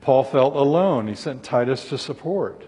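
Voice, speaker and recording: Male preacher, earnest sermon delivery, husky tone, long hall reverb. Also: medium pitch, lively intonation, moderate pace, dark tone. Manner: earnest, voices scripture laments with rising intensity.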